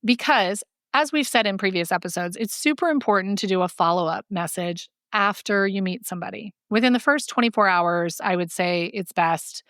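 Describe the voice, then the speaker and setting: Chatty woman on a podcast, medium pitch, dry close sound. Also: moderate pace, few pauses, no echo. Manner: chatty, animated, self-deprecating. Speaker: podcast co-host. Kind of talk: casual chat.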